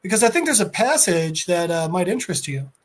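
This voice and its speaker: A man's voice: sits high, big pitch swings, a little fast. A man voicing a smug, scheming man who tries to bargain his way out of trouble. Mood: sly. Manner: wheedling, boastful, teasing.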